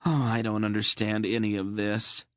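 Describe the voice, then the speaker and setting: A man's voice: lowish voice, flat delivery, moderate pace, no room sound, voice pushed up, close to an everyday voice. A man reading the part of an earnest young farm lad, asking eager, bewildered questions.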